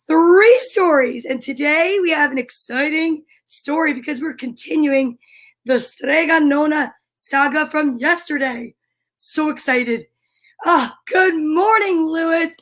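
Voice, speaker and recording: Bubbly high-voiced woman, scratchy rasp. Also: a bit bright. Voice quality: scratchy, raspy voice. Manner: bubbly, enthusiastic, chatty. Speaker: live-stream story time host. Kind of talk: casual live-stream chat.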